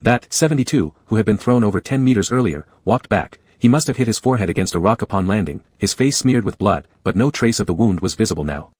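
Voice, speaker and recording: A man narrating an audiobook in a steady, measured storytelling voice. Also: lowish voice, slightly rough, no echo. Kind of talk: scripted narration.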